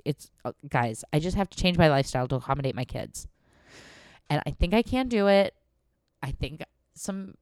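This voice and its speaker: A young woman with a low, smooth voice hosts her own podcast in a playful, rambling way, giggling as she goes. She sits close to the microphone in a dry, dead room. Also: darkish tone, no room sound. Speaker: podcast host. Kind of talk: casual solo podcast chat.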